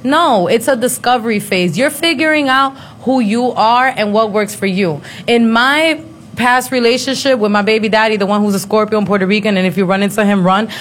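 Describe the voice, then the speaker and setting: Blunt, profane woman with a higher voice. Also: a bit bright, a little hiss or hum. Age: 30s. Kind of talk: casual chat.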